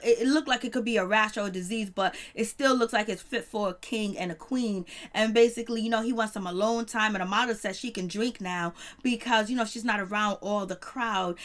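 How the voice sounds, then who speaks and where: A woman's voice: mid-range voice, a bit bright. A woman giving a chatty, laughing recap of a reality TV episode, often exclaiming to herself. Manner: chatty, laughing, exclaims "Lord have mercy". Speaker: show recap reviewer.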